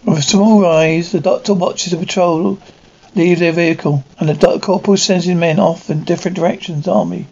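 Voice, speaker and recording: A man's voice: high-pitched, fairly even intonation, brisk, vocal fry, darkish tone, breathy edge. A man reading out an audio description of an episode, speaking every part himself with frequent slips and restarts. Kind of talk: reading a described episode aloud, voicing all parts plainly. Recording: dull lo-fi recording with faint noise.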